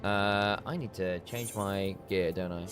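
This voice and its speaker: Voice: low-pitched, a little slow, over music. Chatty streamer thinking aloud. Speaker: game streamer. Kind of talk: casual live gameplay chat.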